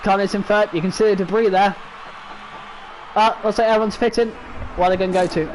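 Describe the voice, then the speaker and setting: Brief: young British man, very high voice, excitable sim-racing commentator, faint hiss behind. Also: a little fast, rough recording. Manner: excitable, exclaiming, laughing at crashes. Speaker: race commentator.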